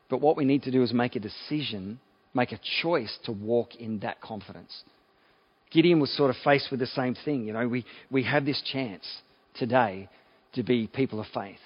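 A man's voice: mid-range voice, lo-fi sound. A man, a pastor, giving a conversational sermon and often restarting his phrases. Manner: conversational preaching with repeated restarts.

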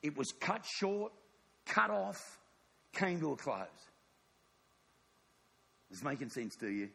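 A man preaching a sermon, telling a story with animated acted-out dialogue. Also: fairly high pitch, takes it slowly, gravelly, slightly rough.

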